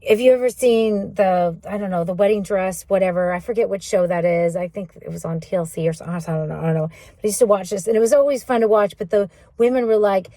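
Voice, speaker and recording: A woman's voice: mid-range voice, fast, dark tone. A woman hosting her own channel, telling a personal story casually and acting out both sides of the remembered conversations. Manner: chatty, acts out both sides of remembered dialogue. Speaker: channel host.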